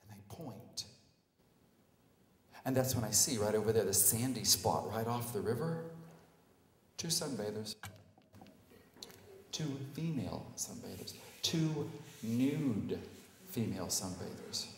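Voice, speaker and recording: A man telling a personal story live on stage, animated and self-mocking, acting out the scenes. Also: lowish voice, slow, long pauses, slight background noise. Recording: echoey hall, live stage.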